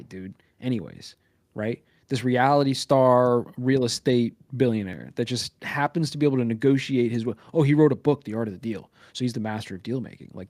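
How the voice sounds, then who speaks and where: A man's voice: mid-range voice, darkish tone, no echo, clean studio sound. A man co-hosting a live podcast, rambling and profane, leaning on "right?" and "like" as he talks. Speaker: podcast co-host. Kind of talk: casual live podcast chat.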